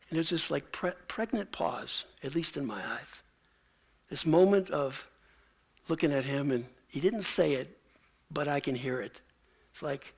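A man's voice: sits high, normal speed, gravelly. A male pastor preaching a sermon in a conversational way, acting out the lines he quotes.

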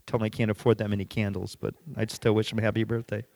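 A middle-aged man preaching a sermon as a pastor, telling a story in a relaxed conversational way and going quiet for emphasis. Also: lowish voice, fast, vocal fry, no room sound. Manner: conversational, drops soft for emphasis.

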